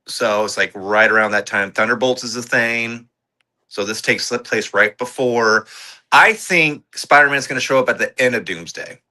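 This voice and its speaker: A man's voice: mid-range voice, normal speed, sharp tone. A man co-hosting a casual movie review podcast, thinking aloud and trading theories. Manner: thoughtful, speculates about what comes next.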